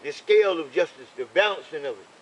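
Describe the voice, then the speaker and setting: A man's voice: fairly high pitch, lively intonation, fast talker, poor audio. An older man telling a roadside story in casual conversation, preachy and leaning on "okay?" for emphasis. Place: in a vehicle.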